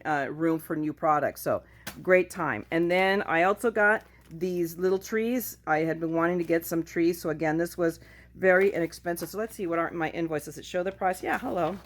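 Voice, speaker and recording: A woman chatting casually at home in a craft haul video, goofy and self-mocking as she shows her finds. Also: lowish voice. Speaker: craft vlogger.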